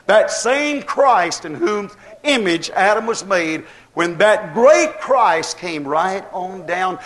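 Man, preacher, high-pitched voice, emphatic sermon, rhetorical questions. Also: lively intonation, slow, fairly bright tone.

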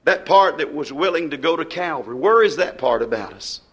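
Older male preacher, fiery revival delivery, high voice that swings widely, shouting and then dropping low. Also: animated, brisk, husky. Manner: shouting, rising and dropping sharply in fervent preaching.

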